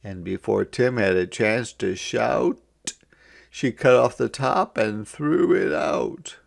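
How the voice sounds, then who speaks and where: Man, storybook narrator, low voice, gravelly, slow and sing-song. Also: lively intonation. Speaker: storybook reader. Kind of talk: children's read-aloud narration.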